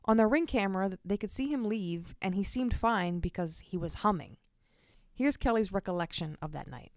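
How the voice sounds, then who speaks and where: A woman's voice: medium pitch, expressive, normal speed, no echo. A woman hosting a true crime podcast, narrating the case in an earnest, direct way and speaking to her listeners. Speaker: podcast host.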